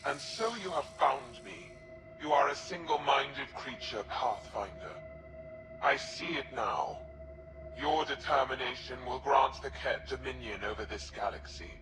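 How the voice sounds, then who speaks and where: Guy doing a scheming alien traitor, solemn and formal, echoey game audio, loud music behind. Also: mid-range voice, animated, natural voice. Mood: cold solemn. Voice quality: solemn, measured, echoing.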